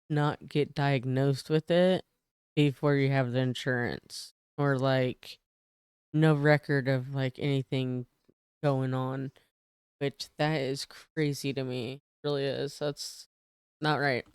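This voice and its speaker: Slow-talking woman reacting to clips. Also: a bass voice, steady tone, a little mellow, clean tone, no room sound, clean studio sound. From United States. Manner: slow, thoughtful, plain-spoken. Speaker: reaction video host. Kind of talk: casual reaction commentary.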